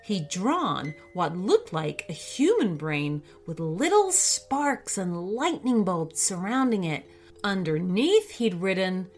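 Slow, expressive woman reading a kids' story. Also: fairly low pitch, soft background music. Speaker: narrator. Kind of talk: children's story narration.

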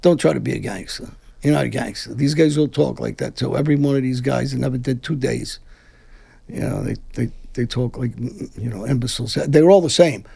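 A man's voice: medium pitch, brisk, vocal fry, dark tone, slightly rough. A middle-aged man from Brooklyn, giving a blunt, combative interview and rambling with restarts. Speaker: interview guest. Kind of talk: heated conversational interview.

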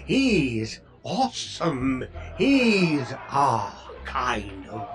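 A man voicing a vain, whiny male robot in a comedy audio drama, talking in a slow, self-important way. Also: medium pitch, very animated.

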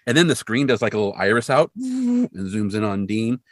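A man co-hosting a podcast, recapping a TV episode in casual chat with animated storytelling and dry asides. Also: lowish voice, fairly quick, dry recording. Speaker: podcast co-host.

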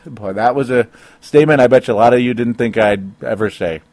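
A man hosts a solo sports opinion show, his voice sitting at an ordinary middle pitch. He rambles, corrects himself and laughs ruefully between points. The recording is dry and close, with no room sound. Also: fairly quick, a little mellow, dry recording. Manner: rambling, self-interrupting, frequent rueful laughs. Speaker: sports commentator.

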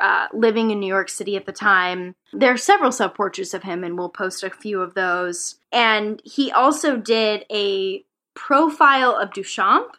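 A woman co-hosting a casual podcast, chatty and quick to giggle, presenting from her notes. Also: mid-range voice, bright, forceful tone. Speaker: podcast co-host.

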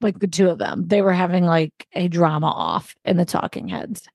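Woman, lowish voice, podcast co-host, thoughtful casual chat, soft laughs, dry sound. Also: fairly even intonation, normal speed, gravelly, no room sound. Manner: reflective, laughs softly, self-deprecating.

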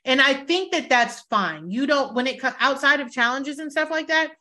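A woman's voice: sits high, lively intonation, moderate pace, sharp tone. A woman hosting a podcast in casual chat, blunt and emphatic, swearing freely and acting out what others said. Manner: blunt, emphatic and profane, acts out quotes. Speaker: podcast host.

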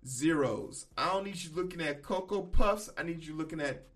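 A man hosts a casual podcast, riffing bluntly and profanely with sudden loud emphatic bursts. His voice sits a little high for a man, and faint music plays underneath. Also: normal speed. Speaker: podcast host. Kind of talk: casual opinion commentary.

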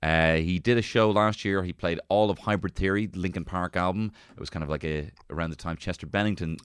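A man's voice: low voice, fairly quick, clear, resonant tone, dry recording, studio quality. A man, hosting a casual comedy podcast with jokey, playful banter. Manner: playful, jokey, swings between hamming it up and mumbling asides. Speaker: podcast host.

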